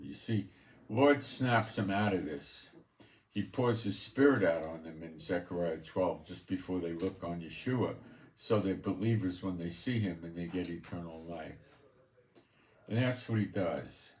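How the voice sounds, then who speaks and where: A man's voice: sits low, unhurried. A man preaching from scripture, reading verses aloud and adding blunt, scornful commentary. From Israel. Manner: blunt and scornful, stressing scripture passages loudly. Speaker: preacher and Bible teacher. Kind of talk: Bible-reading sermon with commentary. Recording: echoey room.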